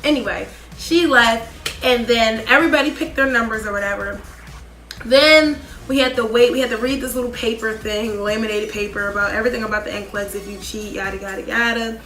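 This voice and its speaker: A young woman in her twenties telling a casual storytime, chatty and animated, full of "like" and quick asides. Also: fairly high pitch, reverberant, soft background music. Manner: chatty, animated, heavy use of "like". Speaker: vlogger.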